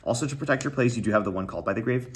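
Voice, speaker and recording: A young man giving a casual deck breakdown, talking quickly with lots of fillers and going a little out of breath. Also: medium pitch, slightly rough. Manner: quick, filler-heavy, trails off quietly. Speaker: deck profile presenter. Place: card tournament venue.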